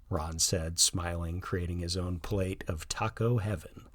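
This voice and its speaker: A man narrating a scripted story in a calm, even manner. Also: sits low, a little slow, few pauses, no room sound, studio quality.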